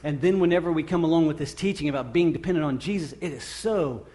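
A man in his thirties delivers a sermon in an earnest, conversational way. His voice sits a little higher than most men's, and he often circles back on a phrase to press his point. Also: fast, dark tone. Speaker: pastor.

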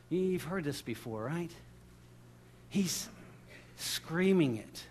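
A male pastor preaching a sermon, reading scripture and swinging between loud emphatic peaks and hushed, intimate asides. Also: on the high side, animated. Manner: reads scripture aloud with deliberate slowing on key words.

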